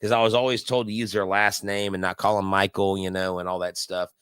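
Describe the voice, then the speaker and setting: A man's voice: low-pitched, level tone, a little fast, a bit bright, clear, resonant tone, no echo. A man hosting a casual live baseball watch-along, telling stories in a rambling way full of fillers and restarts. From Houston area. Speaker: live stream host.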